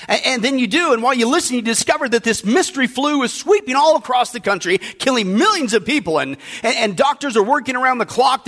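Preacher guy, really high bright voice, keeps asking "can you imagine" type questions. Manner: emphatic, rhetorical questions. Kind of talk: sermon.

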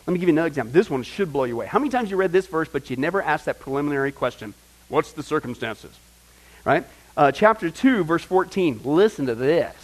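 A man preaching a sermon to a group, animated, often asking his listeners questions and acting out the people he quotes. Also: fairly high pitch, fast, rough recording. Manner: animated, acts out quoted voices, asks the audience questions. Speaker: pastor teaching a Bible study.

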